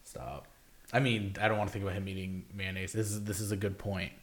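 A man's voice: deep voice, flat delivery, fast talker. A young man co-hosting a podcast in casual chat, rambling and swearing freely with lots of "like". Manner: rambling, swears a lot, leans on "like". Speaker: podcast co-host.

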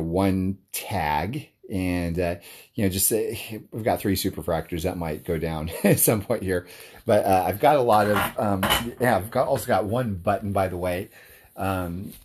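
A man with a very low voice talks to his audience in a relaxed, rambling monologue. He is eager and keeps circling back with fillers and restarts. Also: slightly rough. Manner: enthusiastic. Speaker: card collector talking to his audience. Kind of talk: casual monologue.

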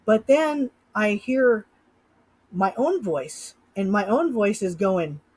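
A woman's voice: mid-range voice, expressive, takes it slowly, a little mellow, breathy edge, poor audio. A middle-aged woman from Utah, a hypnotist guest in an interview, telling a personal story with animation and acting out her own thoughts. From Utah, USA.

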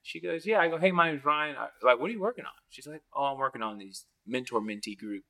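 Male podcast guest, mid-pitched, lively storyteller who jumps up in pitch for quoted voices and laughs a lot. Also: quick pace. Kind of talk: casual storytelling.

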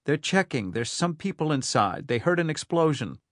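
A man voicing a calm, careful male caregiver who speaks in a measured, concerned way. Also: fairly high pitch, dry recording, clean studio sound, pitched above the performer's own voice.

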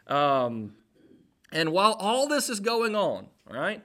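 A man preaching a sermon as jokey, animated storytelling, acting out the people in the story. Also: a little high, moderate pace.

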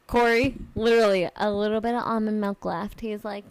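A woman co-hosting a podcast in casual chat, loud, laughing often and swearing freely. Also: on the high side, animated, normal speed, hardly any pauses. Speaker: podcast co-host.

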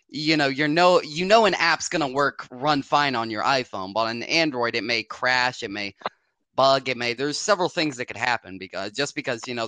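A man co-hosting a casual podcast chat, laid-back and chuckling, chiming in with quick agreement. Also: mid-range voice, sharp tone, no room sound. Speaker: podcast co-host.

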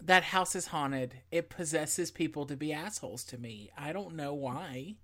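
A woman with a very low voice chimes in with wry jokes and quick reactions. Her delivery is casual and conversational. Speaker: podcast co-host. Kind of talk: casual chat.

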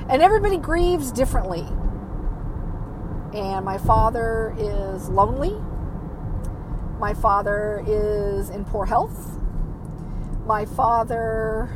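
A woman telling a personal story about caring for her father, speaking emotionally and haltingly with frequent restarts. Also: on the high side, noisy background.

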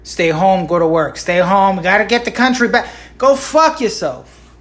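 A woman's voice: medium pitch, normal speed. A woman hosting a solo podcast, ranting with heavy swearing, sarcasm and constant rhetorical asides. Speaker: podcast host.

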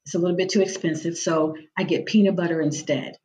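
A woman's voice: lowish voice, fairly even intonation, fast, mellow, slight background noise. A woman guest on a podcast, telling personal faith stories and acting out the voices of the people in them. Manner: vivid storyteller who acts out quoted voices. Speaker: guest, executive director of a nonprofit.

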